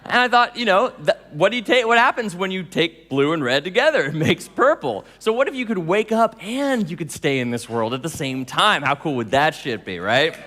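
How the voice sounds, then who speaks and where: A man giving a storytelling talk to an audience, animated, laughing often and acting out dialogue. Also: fairly high pitch, moderate pace, hardly any pauses, big-room sound. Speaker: speaker telling stories to an audience.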